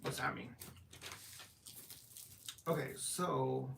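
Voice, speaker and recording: A woman's voice: rumbling low, very slow, creaky. A middle-aged woman chatting casually with viewers on a home livestream while wrapping gifts, greeting them and laughing often. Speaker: livestream host. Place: home at night. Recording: distant mic with loud background noise.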